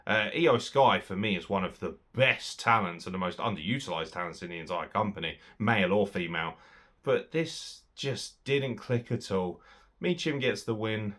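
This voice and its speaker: A man's voice: on the low side, moderate pace. Sweary, sarcastic man reviewing wrestling. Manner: sweary, sarcastic, animated swings in loudness. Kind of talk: profane solo review.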